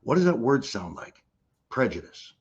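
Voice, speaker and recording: Man, middle-aged, husky voice, emphatic motivational coach, repeats phrases, dull lo-fi audio. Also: medium pitch, very animated, normal speed. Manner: emphatic, repeats key phrases for effect, blunt and casual. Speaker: guest life coach. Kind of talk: motivational talk on a video call.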